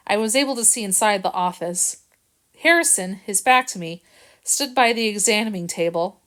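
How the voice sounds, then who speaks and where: A woman reading a children's novel aloud in a quiet, earnest way, stumbling over a word now and then. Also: medium pitch. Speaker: reader.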